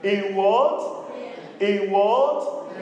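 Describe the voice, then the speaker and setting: A pastor with a high-pitched, darkish voice draws out his words as he preaches in a church hall, repeating phrases and calling out to the congregation in a sing-song cadence. The recording echoes with long reverb, and its highs are cut off.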